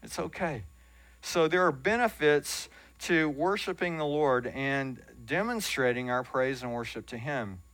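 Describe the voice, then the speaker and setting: In a church sanctuary, a man preaches a sermon as pastor, teaching in an earnest, conversational way with self-deprecating asides. His voice is medium-pitched, animated, a little slow and fairly bright, with no room sound.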